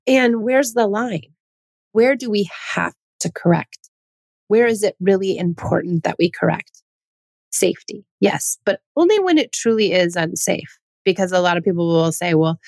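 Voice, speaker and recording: Casting: woman host for a solo parenting talk, mid-pitched, earnest, dry close recording. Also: darkish tone, dry recording. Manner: earnest, asks many questions; acts out quoted parents in higher voice.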